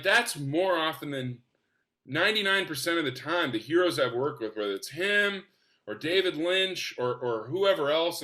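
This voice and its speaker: Guest man, forties, bright and punchy, high-ish voice, enthusiastic storyteller on a casual podcast. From Spokane, US. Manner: enthusiastic, animated, acts out quotes. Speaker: actor guest.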